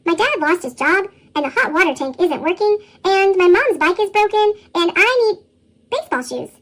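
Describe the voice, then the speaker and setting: A woman voicing an eager, earnest young boy in a storybook reading, her voice sped into a squeaky chipmunk pitch. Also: expressive, normal speed, fairly bright tone. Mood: pleading. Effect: chipmunk pitch shift.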